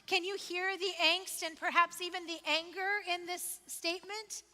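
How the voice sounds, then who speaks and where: A woman's voice: very high-pitched, a little slow, sharp tone. A woman pastor preaching a sermon in a conversational, emphatic way, asking questions and repeating phrases for effect. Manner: conversational, asks the listeners questions. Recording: long reverb of a large hall.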